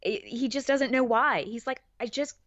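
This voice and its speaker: Woman podcast guest, animated chatter with laughs, dull dry lo-fi sound. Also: a little high, normal speed, no echo. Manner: animated, laughing, many restarts. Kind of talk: casual chat.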